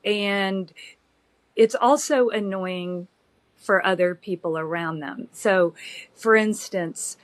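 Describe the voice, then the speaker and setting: This is a woman in her fifties, a physician guest, talking at an unhurried, deliberate pace. She is reflective and measured, pausing often and filling gaps with soft fillers, and her voice sits at an ordinary middle pitch. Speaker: OB-GYN guest. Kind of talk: conversational podcast interview.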